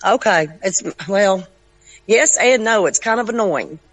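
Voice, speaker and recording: A woman's voice: mid-range voice, lively intonation, measured pace, fairly bright tone, poor audio. A woman with a Southern US accent in a casual voice chat, blunt and chatty, dropping "y'all". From Southern United States. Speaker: chat participant.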